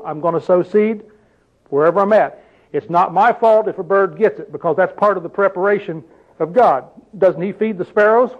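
An older man preaching a sermon in a conversational way, often asking his listeners questions. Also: high-pitched. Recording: dull lo-fi recording.

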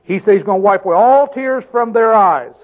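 High-voiced preacher on a tinny line. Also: male voice, lively intonation. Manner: asks the listeners questions constantly, slows to stress scripture. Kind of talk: sermon, Bible teaching. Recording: tinny phone-like sound.

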